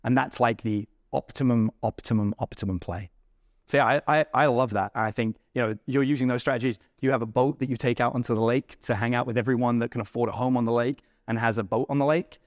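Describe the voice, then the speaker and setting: A man hosting a business podcast, telling stories with lively acted-out dialogue. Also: medium pitch, quick pace, no echo. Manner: animated, acts out dialogue in his stories. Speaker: podcast host. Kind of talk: storytelling interview chat.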